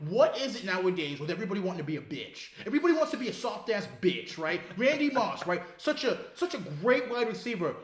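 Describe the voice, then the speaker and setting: A high-voiced man rants as a podcast co-host, swearing freely and breaking into laughter. The room around him rings with echo. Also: very animated, quick pace, hardly any pauses. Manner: profane ranting, laughs and mimics others. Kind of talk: casual chat. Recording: echoey room.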